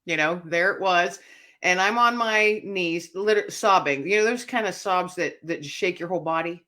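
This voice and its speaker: Guesting on an interview, a woman who is an author and speaker reflects earnestly on her own story, her voice frequently going quiet. She has a lowish voice and speaks at a moderate pace.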